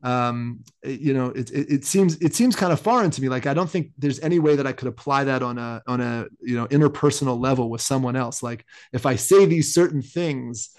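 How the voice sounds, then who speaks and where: A married man co-hosting a casual podcast chat, thinking aloud about scripture with many restarts and animated asides. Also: mid-range voice, brisk, hardly any pauses. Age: adult, married. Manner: rambling, self-interrupting, animated. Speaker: podcast co-host.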